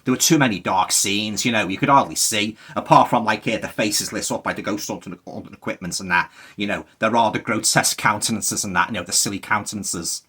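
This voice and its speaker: A man's voice: fairly low pitch, fairly quick, few pauses, bright, forceful tone, breathy edge. A man with a Liverpool accent giving a rambling, exasperated spoken movie review, full of fillers.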